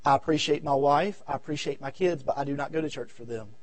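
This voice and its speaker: A man with a Southern American accent preaching a revival sermon, swinging from shouted appeals to low murmurs and repeating his phrases. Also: quick pace, dry recording. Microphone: audio recording of a church service.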